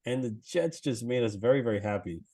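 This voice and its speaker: A young man co-hosting a sports podcast, excitable and swearing, laughing often as he talks. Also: mid-range voice, fairly quick, breathy edge. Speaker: podcast co-host.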